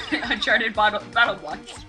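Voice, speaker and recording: A slightly high-voiced woman playing as a guest in a casual let's-play. Her voice is lively and animated, and she jokes and cries out at the game. Game music plays clearly behind her. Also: takes it slowly. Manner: playful, animated, laughs and shouts at the game. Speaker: guest gamer.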